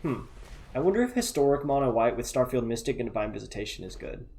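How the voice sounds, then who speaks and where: A man giving relaxed, chatty play-by-play of a card game, thinking aloud and muttering asides to himself. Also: medium pitch, quick pace, creaky. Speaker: gameplay commentator.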